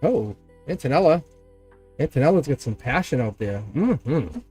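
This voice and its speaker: A man's voice: mid-range voice, normal speed, breathy edge, faint music behind. Chatty man hosting a tarot livestream. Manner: chatty and animated, laughs often, acts out quoted exchanges. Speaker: tarot reader and channel host. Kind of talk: casual livestream chat to members.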